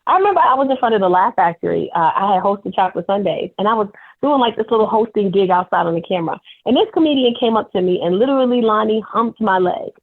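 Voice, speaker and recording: A woman comedian talks over a tinny, phone-like line, her voice pitched in a middling range. She tells stories candidly and with animation, as a call-in guest on a talk show. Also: lively intonation, fast talker. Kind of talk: phone interview storytelling. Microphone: telephone.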